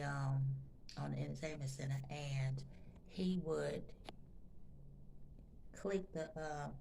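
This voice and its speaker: A woman's voice: deep voice, gravelly, a little hiss or hum. A woman vlogger telling a personal story to her viewers in a chatty, emotional way, often talking to them directly and repeating phrases for emphasis. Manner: emotional, intense when recounting.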